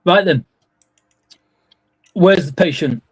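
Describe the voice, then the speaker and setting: A man doing a brisk Yorkshire paramedic. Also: sits high, lively intonation, breathy edge, exaggerated voice.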